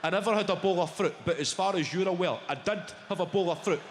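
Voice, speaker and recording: A Scottish man in his thirties tells sweary, brash stand-up stories in a fairly high voice. He's on a handheld mic on a large theatre stage, and the sound carries a long hall reverb and steady crowd ambience. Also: fast, a little hiss or hum. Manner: brash, sweary, animated storytelling. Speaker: stand-up comedian. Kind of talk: stand-up routine. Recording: echoey live hall with audience.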